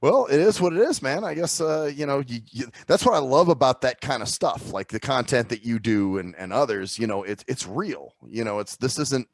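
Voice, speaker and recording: A man's voice: mid-range voice, animated, normal speed, few pauses, dry recording. A man hosting a casual interview, asking loose questions with many fillers and laughing along. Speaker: podcast host.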